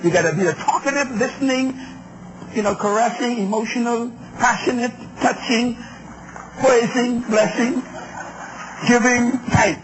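Emphatic preacher, male, very high pitch, muffled recording with noise. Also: measured pace. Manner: emphatic, call-and-response with the crowd. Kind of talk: sermon on relationships.

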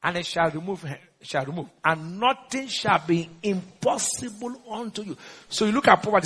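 A man with a Nigerian accent preaches a sermon in a high, expressive voice that sounds pushed, bright and husky, at a moderate pace in a big-sounding room. Exhorting the congregation, he has them repeat lines in call-and-response and slips into pidgin.

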